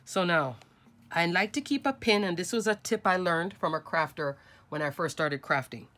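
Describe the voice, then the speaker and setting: Hosting a craft tutorial, this woman speaks at a normal pace with a lowish, slightly bright voice. Her tone is chatty and instructive, and she talks the viewer through each step while her hands stay busy.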